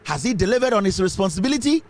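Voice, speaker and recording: A man's voice: high-pitched, sing-song, racing. A Ghanaian man giving heated, impassioned political commentary, switching between English and Twi.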